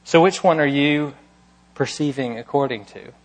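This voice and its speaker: A man's voice: a little high, moderate pace, long reverb tail. A man preaching a sermon as pastor, emphatic and full of rhetorical questions.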